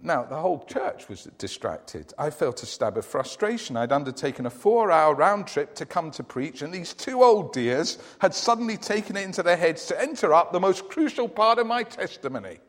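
A man's voice: a little high, big pitch swings, moderate pace, hardly any pauses, in a large hall. A man preaching a sermon, telling a dramatic story and reading testimony aloud.

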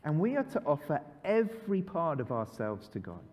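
Man, preacher, children's talk, mellow tone, long church reverb. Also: fairly high pitch, normal speed. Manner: lively, repeats phrases for listeners to join in. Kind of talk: children's sermon to a congregation.

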